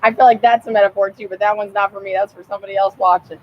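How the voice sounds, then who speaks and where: A young woman vlogging outdoors, telling a rambling story in a casual, profane, animated way and laughing often. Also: mid-range voice, rapid-fire, dull audio.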